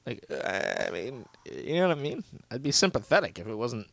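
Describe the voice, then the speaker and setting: A young adult man co-hosting a podcast, trading sarcastic jokes in easy banter. His pitch swings freely as he teases, and the recording is close and dry with no room sound. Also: huge pitch swings, normal speed, gravelly, a bit bright, no echo. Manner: sarcastic, mocking, laughs often. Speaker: podcast co-host. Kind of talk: casual comedic banter.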